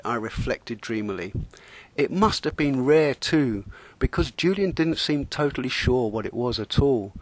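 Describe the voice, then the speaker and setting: A man, telling a comic sailing story in a deadpan, wry manner. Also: medium pitch, no echo. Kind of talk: humorous spoken monologue.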